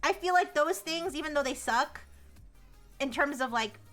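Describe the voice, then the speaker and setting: A young adult woman streaming live, chatting casually about news, animated and laughing, rambling with frequent restarts. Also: high voice, moderate pace. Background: faint music.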